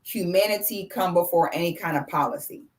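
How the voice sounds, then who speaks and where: A woman's voice: lowish voice, a little fast. A woman in her thirties hosting a casual live stream, effusive and chatty, reading out viewers' messages and thanking them by name. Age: 30s.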